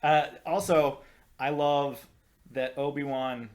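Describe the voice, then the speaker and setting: A male podcast co-host chats casually at a slow pace, animated and exasperated. He swings between loud outbursts and low muttering, swearing freely.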